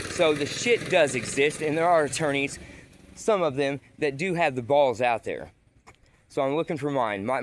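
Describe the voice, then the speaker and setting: A man's voice: fairly high pitch, slight background noise. A man ranting in an agitated, accusatory monologue to the camera. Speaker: vlogger.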